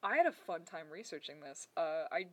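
A woman's voice: sits low, lively intonation, fairly quick. A woman co-hosting a folklore podcast in casual, chatty talk with frequent laughs and rambling asides. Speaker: podcast co-host.

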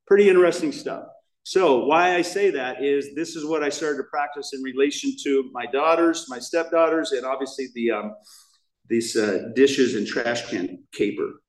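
An American man giving a candid, rambling personal testimony as the main speaker at a recovery meeting in a church hall. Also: fairly high pitch. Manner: candid, rambling, emotional storytelling with restarts. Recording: roomy hall sound, mic at a distance.

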